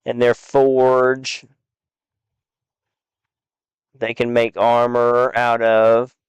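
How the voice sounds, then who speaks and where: A man casually walking through a game build, rambling and halting with fillers. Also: medium pitch, little pitch movement, smooth, no echo. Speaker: game streamer.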